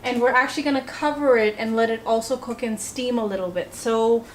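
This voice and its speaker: A woman's voice: a little high, steady tone, brisk, slight background noise. A young woman with an Indian accent, chatting casually to the camera while cooking in her home kitchen, self-deprecating and talkative. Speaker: home cook vlogger.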